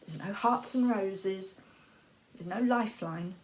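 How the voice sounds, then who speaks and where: A woman speaking slowly in a soft, halting personal monologue, sometimes dropping into an unvoiced whisper and repeating her words. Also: medium pitch, a little hiss or hum. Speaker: vlogger sharing personal experience.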